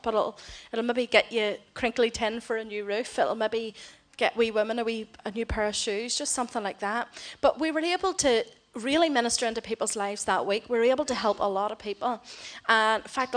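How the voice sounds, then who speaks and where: A middle-aged woman, giving a heartfelt mission report to a church congregation and voicing the people she quotes. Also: a little high. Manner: heartfelt storytelling, voices others in quotes. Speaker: missionary speaker.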